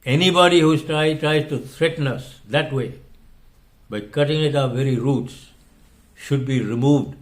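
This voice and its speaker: An older man who hosts a talk show and delivers an impassioned commentary monologue. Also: medium pitch. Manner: impassioned, emphatic. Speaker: host.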